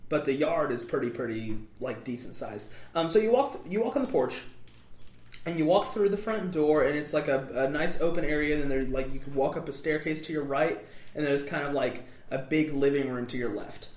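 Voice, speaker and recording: A man's voice: a little high, lively intonation, brisk, a little mellow. A young man co-hosting a casual podcast, rambling and upbeat, with lots of "like" and "um". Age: young adult. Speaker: podcast co-host. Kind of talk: casual chat. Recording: echoey room.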